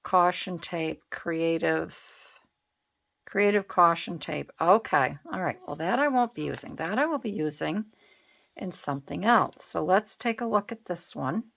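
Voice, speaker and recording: In a casual craft tutorial, a host muses aloud over her art journal, changing her mind as she works. She has a lowish, expressive, a bit bright voice with vocal fry, moving at a moderate pace.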